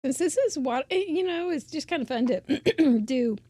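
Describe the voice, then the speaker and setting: A woman's voice: sits high, expressive, moderate pace, dark tone, no echo. A woman giving a chatty, casual crafting tutorial, drifting into asides and laughing often. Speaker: crafting instructor.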